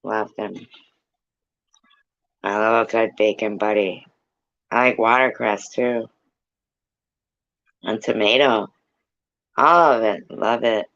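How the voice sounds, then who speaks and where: A woman rambles on a live stream in a slow, unhurried way, swearing freely and drifting from one thing to the next. Her voice has a gravelly, fried texture. The audio is dull and lo-fi. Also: extremely low pitch, fairly even intonation, a bit bright. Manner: rambling, swears a lot, sings snatches. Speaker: live-stream host chatting with viewers. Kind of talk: casual chat.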